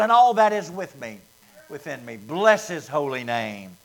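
A man preaching a sermon as pastor, dropping to near whispers and rising to loud, fervent bursts. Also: a little high, big pitch swings, a little slow.

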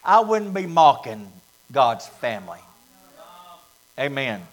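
A man preaching a sermon as pastor, dropping to near whispers and rising to loud, fervent bursts. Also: medium pitch, big pitch swings, slow pace.

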